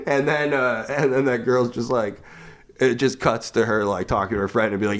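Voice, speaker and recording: A man's voice: mid-range voice, brisk. A young man in casual comedic banter, laughing often as he acts out a rambling story idea. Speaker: podcast co-host.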